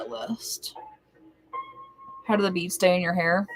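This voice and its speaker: A woman's voice: lowish voice, fairly even intonation, normal speed, pauses often, soft background music, rough recording. A young woman chatting casually on a home live stream, rambling between topics and cooing baby talk to her cat. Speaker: livestreamer. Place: home, indoors.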